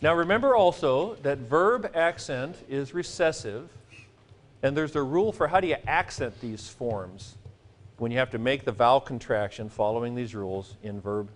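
A man's voice: medium pitch, animated, normal speed. A man teaching a seminary Greek grammar class, joking and chanting mnemonics for his students. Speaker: Greek professor.

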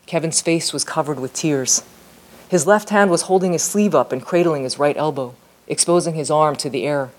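Woman author reading her fiction aloud. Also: low-pitched. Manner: steady, measured storytelling.

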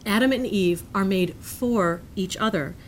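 Woman reading a lecture, earnest and measured. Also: medium pitch, a little hiss or hum. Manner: measured and earnest, breaking into self-amused asides. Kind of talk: reading a prepared lecture aloud.

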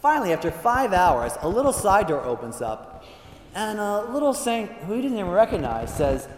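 A male priest telling jokes in a chatty, animated way, full of fillers, in a large hall. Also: high voice, moderate pace. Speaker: priest speaker. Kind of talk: humorous talk with jokes. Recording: echoey hall with long reverb.

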